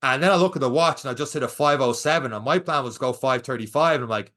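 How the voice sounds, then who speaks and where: Man, Irish accent, young adult, podcast co-host, animated storytelling, bright forceful tone. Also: mid-range voice, fast talker. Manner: animated storyteller, acts out quotes. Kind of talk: casual chat.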